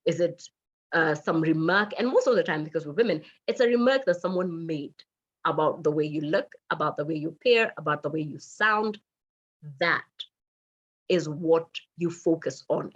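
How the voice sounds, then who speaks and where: A middle-aged Kenyan woman speaks with a Kenyan accent in a lively motivational talk, dropping in Swahili phrases. Her voice sits low and a little breathy. The recording sounds dull and muffled. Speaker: radio manager and speaker.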